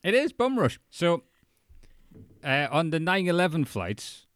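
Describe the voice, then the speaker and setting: A man's voice: on the high side, sing-song, a little slow, a bit bright, smooth, no room sound, clean studio sound. A man co-hosting a casual podcast chat, retelling a story with joking asides. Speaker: podcast co-host. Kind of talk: casual chat recapping a documentary.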